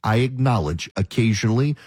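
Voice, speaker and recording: A man's voice: mid-range voice, animated, a little fast, darkish tone, slightly rough, no room sound. A man hosting a talk radio show, delivering an emphatic, opinionated monologue and mocking his critics. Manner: emphatic, ranting, mocks critics in quoted voices.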